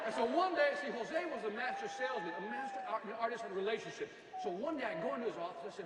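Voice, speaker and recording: A man giving a comic motivational speech to a live audience, animated, shouting his punchlines and mimicking people. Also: extremely high pitch, very fast, few pauses, recorded from a distance. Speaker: motivational speaker. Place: large hall with live audience. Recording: echoey hall, from afar, crowd.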